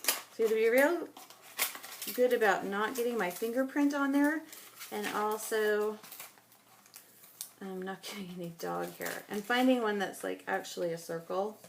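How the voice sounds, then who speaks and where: A woman in her thirties, chatty and rambling as she thinks aloud while scrapbooking, her voice going a little hoarse. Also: mid-range voice, moderate pace, long pauses, roomy sound, slight background noise. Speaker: scrapbooking vlogger. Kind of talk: casual crafting chat.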